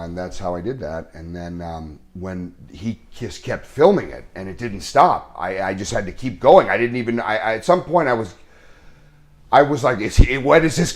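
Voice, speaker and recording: A man, an actor, telling an earnest and halting story in an interview, full of restarts. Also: fairly low pitch.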